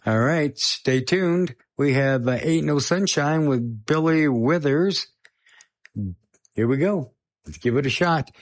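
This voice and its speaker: A man's voice: a little high, slow pace. Rambling radio host man, jokey. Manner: rambling, self-deprecating, jokey asides. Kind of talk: casual radio chat between songs.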